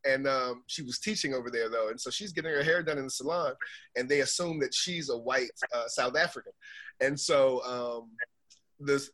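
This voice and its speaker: A man from the United States, a podcast guest chatting casually and telling stories, acting out the people he quotes. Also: fairly high pitch. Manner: animated storyteller, acts out quotes. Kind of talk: casual chat.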